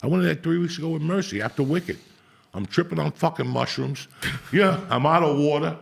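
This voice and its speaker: A man's voice: a little high, a little fast, gravelly, breathy edge. A middle-aged man hosting a podcast, telling rambling, profane street-style stories in casual chat. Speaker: podcast host.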